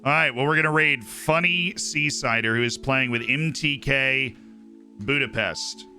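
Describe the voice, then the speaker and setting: A man's voice: mid-range voice, measured pace, bright, forceful tone, faint music behind. A man streamer giving casual, upbeat commentary on his game and thanking viewers by name. He is tired and his voice is starting to go.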